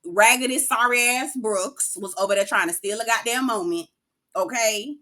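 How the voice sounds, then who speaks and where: Sassy woman spilling reality tv tea, bright sharp voice, a bit high, cussing, calls everyone girl. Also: moderate pace. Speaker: reality TV recap host. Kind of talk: casual reality show recap.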